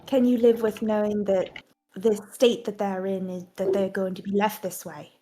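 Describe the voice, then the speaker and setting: A woman voicing a compassionate adventurer with a put-on accent, gentle and reassuring toward a friend in a tabletop role-play. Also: medium pitch, flat delivery, normal speed, faint music behind, lightly acted. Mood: consoling.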